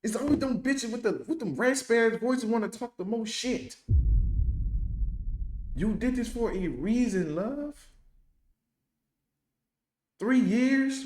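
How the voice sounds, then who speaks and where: A man's voice: sits high, darkish tone, roomy sound. A man hosting a reaction video, giving blunt, profane, mocking commentary. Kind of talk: heated commentary.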